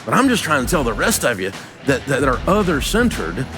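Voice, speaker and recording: An older man with a Southern US accent giving a folksy, emphatic business talk, dropping his voice low to stress points. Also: sing-song, brisk, big-room sound, music in the background. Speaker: business speaker and radio host.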